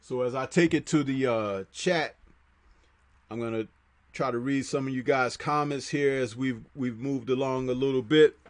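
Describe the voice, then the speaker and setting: A man's voice: normal speed, no echo. A man hosting a casual livestream, talking loosely with many fillers and reading viewer comments aloud. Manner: conversational, reads chat comments aloud; frequent fillers, drops low on asides. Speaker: host.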